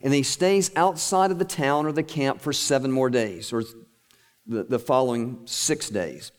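A middle-aged male preacher telling a Bible story in an animated, lively way during a sermon. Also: mid-range voice, a little slow. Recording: echoey hall.

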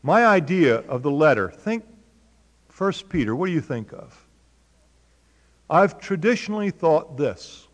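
Guy preaching on a book of the bible, slightly high voice, big echoey hall. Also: very animated, a little slow, pauses often. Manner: conversational, asks the audience questions. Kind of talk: Bible teaching.

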